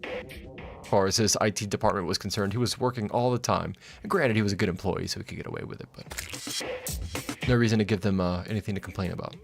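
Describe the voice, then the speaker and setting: A man's voice: lowish voice, fairly even intonation, fairly quick, gravelly, music in the background. A man with a slight Southern US accent streaming a game, rambling casually, laughing often and swearing freely. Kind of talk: casual live-stream commentary.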